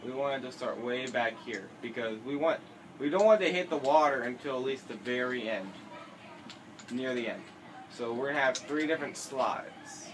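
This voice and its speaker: A man's voice: mid-range voice, moderate pace. Rambling teenage boy gamer, noisy recording. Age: teens. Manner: rambling, self-correcting, jokey. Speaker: gameplay commentator. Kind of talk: casual let's-play commentary.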